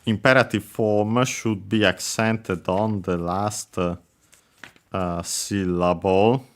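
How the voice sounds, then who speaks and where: While playing a video game on stream, a man teaches Japanese slowly in a fairly low, steady voice. He hesitates often, filling gaps with filler words and correcting himself.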